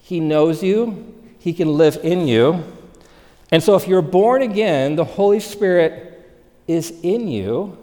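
A man preaching a sermon, animated, moving between loud emphasis and hushed, soft delivery. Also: fairly high pitch, slow pace. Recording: long reverb of a large hall.

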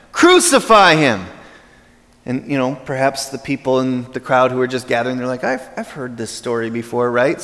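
A man in his forties preaching a sermon, telling a personal story casually and then teaching steadily from scripture. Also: mid-range voice. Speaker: pastor. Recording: long reverb in a large hall.

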